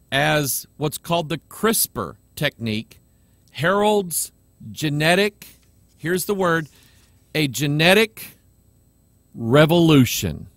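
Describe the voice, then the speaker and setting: A man's voice: fairly high pitch, fairly bright tone, no echo. A man, a pastor and webcast host, preaching bluntly and mocking imagined critics on a live webcast.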